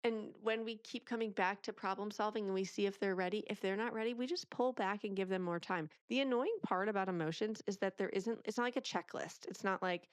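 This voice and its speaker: A woman in her thirties, a parenting author as a guest in a casual interview, talking in an animated way and acting out lines of parents and children. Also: mid-range voice, brisk, hardly any pauses, clear, resonant tone, no echo, studio quality.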